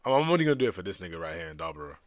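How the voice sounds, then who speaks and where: A young man streaming, reading manga aloud and chatting casually, bursting into loud excited exclamations. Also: low-pitched, very fast, dry recording.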